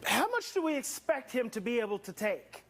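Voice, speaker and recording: A man's voice: very high voice, very animated, normal speed, creaky, fairly bright tone, a little hiss or hum. A male seminar presenter talks parents and staff through a clip. He explains patiently and keeps posing questions back to the room. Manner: explanatory, asks the audience rhetorical questions. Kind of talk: teaching seminar commentary.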